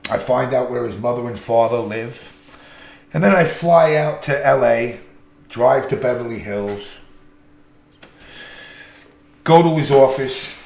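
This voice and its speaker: A middle-aged man hosting a podcast, telling a profane, animated story full of quoted dialogue. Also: medium pitch, creaky. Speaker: podcast host. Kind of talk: casual storytelling. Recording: echoey room with faint noise.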